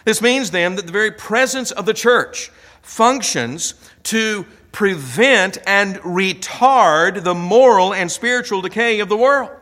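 A man's voice: sits high, pushed and bright. Man preaching in a reverberant hall. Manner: measured preaching with emphatic stresses. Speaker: pastor. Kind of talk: sermon.

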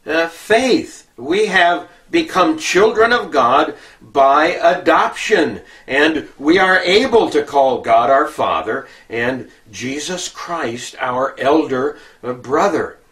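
Man preaching a Bible lesson, slightly high voice, unhurried, mic set back from him. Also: expressive, a bit bright, far from the mic. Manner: slow, halting, many filler "uh"s. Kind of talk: Bible teaching sermon.

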